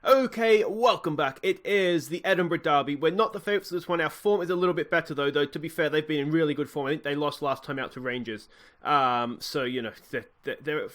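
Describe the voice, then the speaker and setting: An Australian man giving chatty let's-play commentary on a football management game, muttering asides and bursting with excitement at goals. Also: fairly high pitch, a little fast. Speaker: gaming YouTuber.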